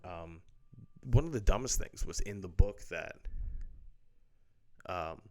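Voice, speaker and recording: Male movie reviewer, low voice, casual and profane, loose and filler-heavy. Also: expressive, slow, a little mellow. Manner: blunt, profane, full of fillers. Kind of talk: casual ranting film review.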